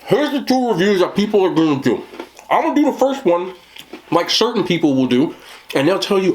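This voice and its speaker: A man's voice: high voice, very animated, fairly quick, a little hiss or hum. A man with a New Jersey accent doing a casual food review, blunt, profane and joking.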